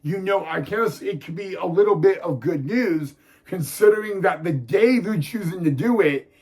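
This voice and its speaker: A young man talking casually to his viewers as a fan vlogger, eager and excitable, often calling them "guys". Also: high-pitched, moderate pace, husky. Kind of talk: casual direct-to-camera talk.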